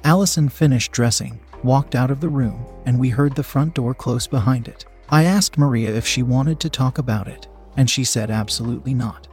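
A man narrating a first-person story in a steady, frank way. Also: medium pitch, normal speed, few pauses, faint music behind.

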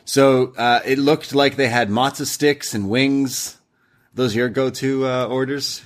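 A man's voice: medium pitch, fairly even intonation, unhurried. A man from Canada co-hosting a podcast, recapping a wrestling show in casual chat and acting out the wrestlers' lines. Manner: chatty, acts out wrestlers' lines. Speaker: podcast co-host.

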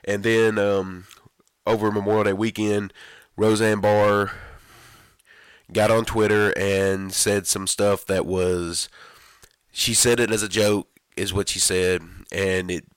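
Deep, hoarse man hosting a podcast. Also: level tone, slow, no room sound. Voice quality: raspy. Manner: rambling, self-deprecating, many fillers and restarts. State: hoarse, voice going out. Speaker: podcast host. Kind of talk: casual podcast monologue.

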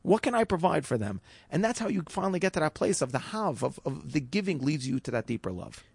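A man's voice: fairly high pitch, sing-song, fast, gravelly, darkish tone, slightly rough, dry recording. A man telling a personal story in a loose, conversational way with lots of fillers and restarts, then drawing a motivational lesson from it. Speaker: storyteller sharing a life lesson.

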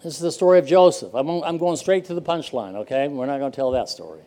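An older male pastor preaching a sermon in a folksy storytelling way, full of pauses. His voice sits a touch high for a man, with a mellow, warm tone.

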